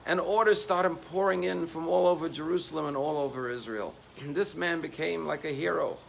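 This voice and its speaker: A man's voice: on the high side, a little fast, gravelly, a little hiss or hum. A man, a rabbi, delivering a sermon as a story, voice rising with emotion on quoted pleas.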